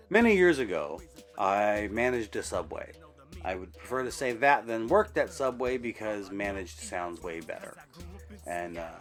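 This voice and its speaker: Guy rambling thru a channel update, lots of ums and restarts, mid pitch, soft music in the back. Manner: rambling, full of fillers and self-corrections. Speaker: YouTube channel host. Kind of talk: casual channel update monologue.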